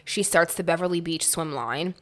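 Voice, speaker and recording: A woman from Connecticut co-hosting a gossip podcast. Her voice sits fairly low, and she talks bluntly and swears freely in easy, casual chat. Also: normal speed, a bit bright. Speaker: podcast co-host.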